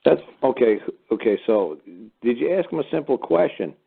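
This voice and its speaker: A man's voice: medium pitch, expressive, normal speed, creaky, slightly rough. A man hosting a call-in radio show, blunt and profane, lecturing callers. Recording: phone-like narrow sound.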